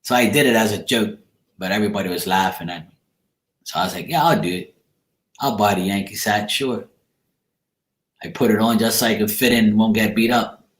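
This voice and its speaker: A man's voice: fairly low pitch, fairly quick, pauses often. A man telling a rambling story in a casual way, with many restarts and some laughs. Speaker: channel host. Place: room in a home. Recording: echoey room.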